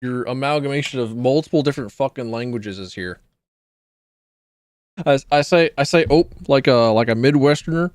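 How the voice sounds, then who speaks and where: A man's voice: mid-range voice, normal speed, dry recording, studio quality. A man streaming a video game live, chatting casually with viewers, joking, swearing freely and reading in-game documents aloud.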